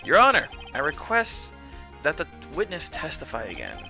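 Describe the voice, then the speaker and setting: A man's voice: fairly high pitch, huge pitch swings, moderate pace, creaky, music in the background, exaggerated voice. A man voicing a proud, stiff male prosecutor in a courtroom game, with pompous phrasing.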